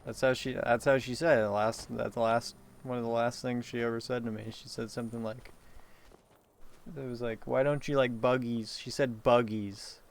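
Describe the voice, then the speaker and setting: Creaky-voiced man rambling to himself. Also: medium pitch, little pitch movement, normal speed. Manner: meandering, profane, frequent laughter and self-interruptions. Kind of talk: rambling solo monologue.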